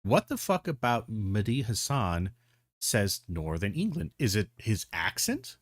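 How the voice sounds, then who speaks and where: Low-voiced rambling male commentator, dry sound. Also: big pitch swings, a little slow, no echo. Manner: rambling, frequent ums and restarts, swears. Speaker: video commentator. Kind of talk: casual commentary.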